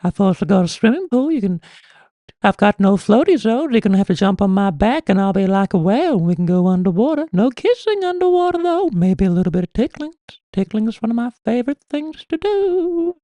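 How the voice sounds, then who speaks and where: A man doing an impression of a creepy, leering old man neighbour, with a high, wavering voice and a wheedling manner. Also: sing-song, a little fast, warm tone, no room sound. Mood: creepy coaxing. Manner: wheedling, coaxing.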